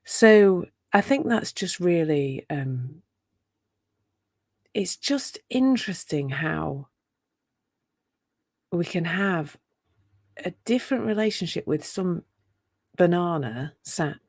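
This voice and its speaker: A woman gives a live talk in a chatty, playful way, tossing rhetorical questions at her listeners. Her voice sits a little low and carries a gravelly edge. The sound is dry and close. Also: lively intonation, slow pace, pauses often, darkish tone, no echo. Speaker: self-compassion teacher.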